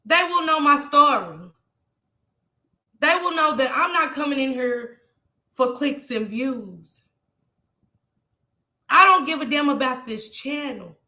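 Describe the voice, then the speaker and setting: A woman talks straight to her viewers, impassioned and close to tears, pausing to read out their comments. Her voice sits high and bright. The room around her is echoey. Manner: impassioned, preachy, reads out chat comments. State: tearful. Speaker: YouTube vlogger. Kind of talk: emotional livestream talk to viewers.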